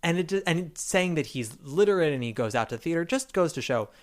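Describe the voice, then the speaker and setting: A man's voice: on the high side, animated, a little fast. A man hosting a podcast, chatting casually and animatedly, acting out quotes as he retells scenes. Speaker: podcast host. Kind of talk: casual chat.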